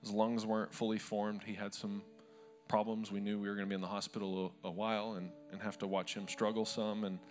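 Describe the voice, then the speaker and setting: A man's voice: on the low side, flat delivery, fairly quick, faint music behind. A male pastor preaching a sermon to a live church congregation, telling stories in a conversational, humorous way.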